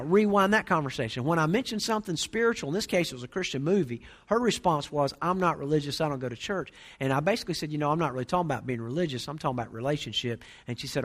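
Quick-talking male pastor preaching. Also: fairly high pitch, expressive, fairly bright tone. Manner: conversational preaching with storytelling asides. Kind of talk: sermon.

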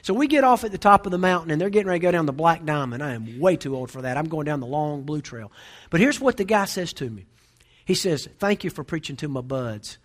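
A man in his forties, a pastor preaching a sermon, telling a humorous story in an animated way. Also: fairly high pitch, fast. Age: 40s.

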